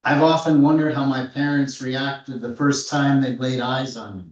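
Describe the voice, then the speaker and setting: A man in his fifties, an author giving a measured, reflective reading from his memoir at a live authors' event. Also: medium pitch, fairly even intonation. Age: 50s. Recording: roomy, distant, dull-sounding hall recording.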